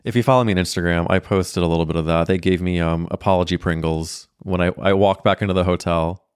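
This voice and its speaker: This is a man in his thirties from St. Louis, hosting a solo podcast and spinning a comic story with campy flair. His voice sits fairly low and sounds smooth and clear. It is recorded close and dry, with no room sound. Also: fast talker, no room sound. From St. Louis, Missouri, USA. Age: 30s. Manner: campy, animated storyteller acting out quoted voices; laughs mid-story. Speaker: podcast host.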